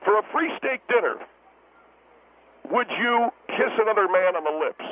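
A man playing a blustering restaurant owner who calls in to a comedy radio show, talking fast and defensively. His voice sits high and comes through a thin, tinny phone line with a faint hiss behind it. He stammers and backpedals whenever he is challenged. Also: animated. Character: brash blustering male steakhouse owner on the phone.

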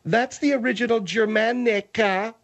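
A man's voice: high voice, fairly even intonation, normal speed, fairly bright tone, highs cut off, voice pushed up. A man voicing a haughty, pretentious woman who snaps insults and fusses over pronunciation. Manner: prissy, pompous about pronunciation.

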